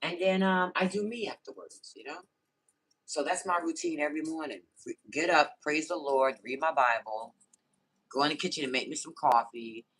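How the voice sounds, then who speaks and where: A woman's voice: low voice, moderate pace, a bit bright, husky. A woman hosting a casual livestream, greeting viewers by name and answering the chat on her phone. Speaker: livestream host.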